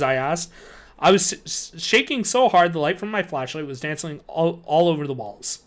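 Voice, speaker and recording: Man, streamer, reading aloud, expressive, joking asides, slightly high voice. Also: moderate pace.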